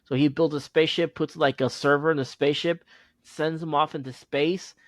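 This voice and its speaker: A man hosting a podcast, chatting casually and recounting a story in a halting, rambling way. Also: a little high, fairly even intonation, no echo. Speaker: podcast host. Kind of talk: casual chat.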